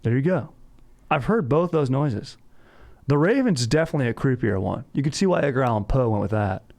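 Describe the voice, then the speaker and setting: A man's voice: mid-range voice, lively intonation, a little fast, vocal fry, a little mellow. A man hosting a comedy podcast, riffing in laid-back slang and saying "dude" all the time. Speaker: podcast host. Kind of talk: casual comedic podcast chat.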